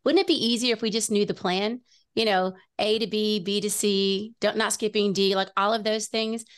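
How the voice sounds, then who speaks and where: A woman's voice: medium pitch, steady tone, moderate pace, clear, resonant tone. A middle-aged woman telling an earnest personal story as a guest on a faith talk show, often restarting her sentences.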